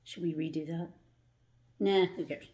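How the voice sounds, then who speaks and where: A woman's voice: sits low, steady tone, unhurried, mellow, highs cut off. A woman reading a picture book aloud to a child in a casual, chatty way, laughing at her own slips.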